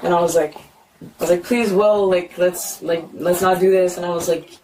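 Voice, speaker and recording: A young woman telling a police officer what happened, talking fast and filling her story with "like" and acted-out quotes, recorded on a bodycam. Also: fairly low pitch, flat delivery, a little mellow. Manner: fast, repeats "like", acts out quotes. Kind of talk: retelling events to an officer. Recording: noisy bodycam audio from a distance.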